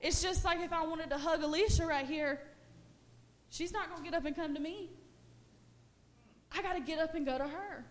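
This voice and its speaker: A young woman delivers a sermon in a high, bright register. She preaches with passion, stacking short repeated phrases as she rises toward shouting. Her delivery is earnest and urgent. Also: moderate pace, pauses often, a little hiss or hum. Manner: impassioned, builds to shouted repetition.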